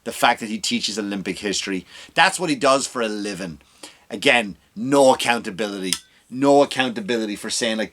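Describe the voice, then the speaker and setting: A man's voice: on the low side, lively intonation, fast, fairly bright tone. A man hosting a comedy podcast, ranting in a profane, exasperated way with big jumps in his voice.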